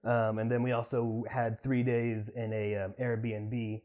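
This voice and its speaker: A man co-hosting a podcast, describing a trip in casual chat, halting with many fillers. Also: medium pitch, level tone, highs cut off. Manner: halting, full of ums and likes. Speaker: podcast co-host.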